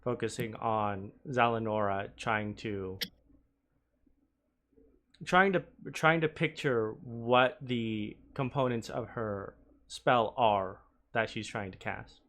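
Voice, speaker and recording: A man playing a tabletop game, speaking in a slow, deliberate way. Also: on the low side, a bit bright. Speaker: player. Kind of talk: casual tabletop play.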